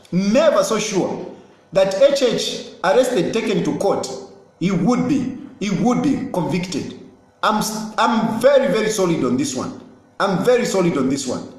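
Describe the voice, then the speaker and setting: Brief: high-pitched politician, insistent and repetitive, recorded in a very echoey room. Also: male voice. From Zambia. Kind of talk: impassioned political statement.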